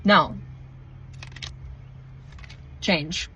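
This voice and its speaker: A woman giving a heated, profane spiritual monologue, swinging between slow, deliberate emphasis and rushed outbursts as she preaches mindfulness. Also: pushed and bright, lo-fi sound, slight background noise. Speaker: spiritual content creator.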